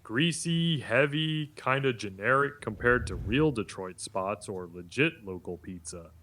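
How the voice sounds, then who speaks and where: A machine voice in a man's voice, smoothly reading out a summary. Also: fairly low pitch, expressive, unhurried, fairly bright tone, a little hiss or hum. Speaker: AI voice assistant.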